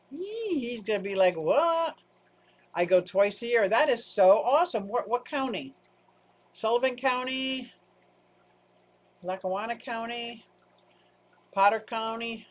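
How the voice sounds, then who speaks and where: A woman from upstate Pennsylvania hosting a casual livestream, chatting loosely and answering viewer comments in a rambling, self-interrupting way. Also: a little high. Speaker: livestream host.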